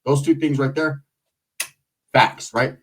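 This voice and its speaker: Husky man telling stories. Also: medium pitch, steady tone, slow pace. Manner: profane, laid-back, does voices. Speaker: storyteller. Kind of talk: casual storytelling.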